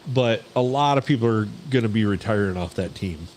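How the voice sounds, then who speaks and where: A man's voice: lowish voice, animated, a little fast, a little mellow, a little hiss or hum, rough recording. A male podcast co-host with a wry, dry humor in casual chat.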